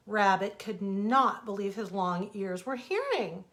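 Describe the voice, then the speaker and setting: A woman author reading her own fables aloud as bedtime stories, gentle and expressive, into a webcam. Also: mid-range voice, measured pace, few pauses.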